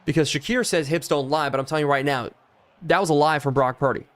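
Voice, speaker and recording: A man's voice: a little high, fast. A man streaming live, calling a football video game play by play, hyping big plays and reading out viewers' chat messages. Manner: hyped play-by-play, chatting with viewers; excited yelling on big plays. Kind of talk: live gameplay commentary.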